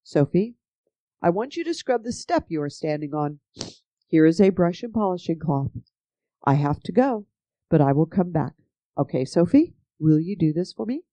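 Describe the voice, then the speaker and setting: A reader voicing a gentle, kind king. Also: mid-range voice, big pitch swings, moderate pace, dry recording, highs cut off, natural voice.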